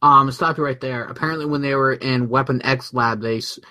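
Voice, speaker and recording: Guy on a podcast going thru the plot, relaxed, mid-pitch everyday voice. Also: fairly quick. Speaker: podcast co-host. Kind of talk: casual chat.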